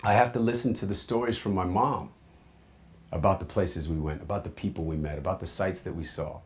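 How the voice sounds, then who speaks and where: A man in his forties from the United States, telling his life story in a candid, reflective way, often dropping into soft, low asides. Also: fairly even intonation, fairly quick.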